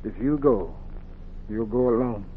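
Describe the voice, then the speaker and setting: A man's voice: medium pitch, unhurried, natural voice. A man playing a stern, stubborn brother. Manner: forceful, dismissive. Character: stubborn elder brother refusing to flee. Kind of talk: 1950s radio drama acting. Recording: tinny old radio recording with hiss.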